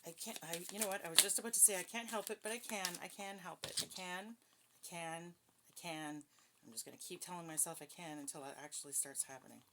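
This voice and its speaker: A woman's voice: fairly low pitch, quick pace, background noise. Chatty woman giving a card reading. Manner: chatty, self-deprecating, talks straight to viewers with frequent "okay?". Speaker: tarot card reader. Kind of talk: casual spiritual card reading.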